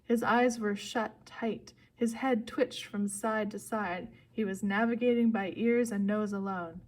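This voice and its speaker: A woman narrating a first-person storybook chapter in a steady, clear voice. Her reading is expressive but even, with a middling pitch. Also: measured pace. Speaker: audiobook reader.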